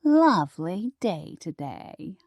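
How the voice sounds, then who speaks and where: A woman voicing a playful, chatty old grandmother ghost in an audiobook, slow and dry. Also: on the low side, sing-song, a little mellow, no echo, full character voice. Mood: teasing. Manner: chatty, dramatic, stretches out the big moment. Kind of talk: audiobook character voice.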